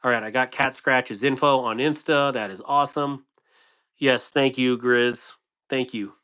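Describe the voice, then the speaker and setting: A man's voice: medium pitch, a little slow, bright, forceful tone. A man hosting a live stream, reading and answering chat comments in a playful way, laughing often and tripping over tongue twisters.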